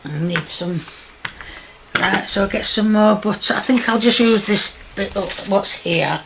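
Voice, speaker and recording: A woman giving slow, chatty step-by-step instructions in a home cooking demonstration. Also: medium pitch, background noise. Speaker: home cook.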